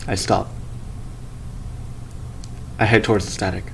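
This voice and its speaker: A man's voice: lowish voice, little pitch movement, a little slow, gravelly, slightly rough. A man playing a tabletop game, stating his character's actions with stammers and repeats. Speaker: player.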